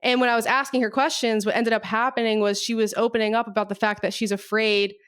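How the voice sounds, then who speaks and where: A woman's voice: fairly high pitch, little pitch movement, quick pace, fairly bright tone, clear, resonant tone. A woman business coach, a guest on a podcast, speaking casually with many fillers and the occasional swear word. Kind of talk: casual conversational interview.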